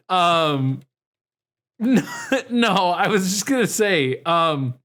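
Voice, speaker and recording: A man's voice: sits high, big pitch swings, drawn-out words, fairly bright tone. A man co-hosting a comedy podcast, bantering casually, joking and swearing, often trailing off with fillers. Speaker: podcast co-host.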